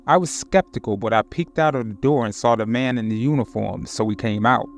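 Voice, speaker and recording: A man narrating scary home-alone stories in a measured, suspenseful way. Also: medium pitch. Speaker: horror story narrator. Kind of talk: scripted narration.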